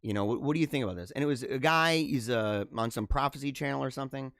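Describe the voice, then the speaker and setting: A man hosting a livestream, chatting casually and answering viewer comments in an animated, talkative way. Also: mid-range voice, quick pace, vocal fry, dry recording, studio quality. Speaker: livestream host.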